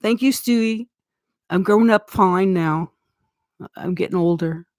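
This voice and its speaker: A middle-aged Canadian woman rambles through a casual live-stream chat, laughing easily as she goes. Her voice sits at an ordinary middle pitch for a woman. It is recorded dry and close, with no room sound around it. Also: measured pace, darkish tone, no room sound. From Eastern Canada. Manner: rambling, chatty, laughs often. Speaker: livestream host.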